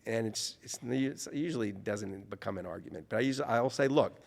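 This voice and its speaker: Gravelly and on the low side, a man speaks a little fast in a large hall. He's a New Orleans author sharing anecdotes as an interviewee, animated and constantly restarting sentences to fix what he's said.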